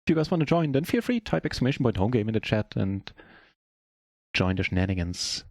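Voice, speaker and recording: A German man whose first language is German, chatting casually in a relaxed, self-deprecating way while commentating his own poker game on a live stream. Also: on the low side, a little fast, dry recording, studio quality.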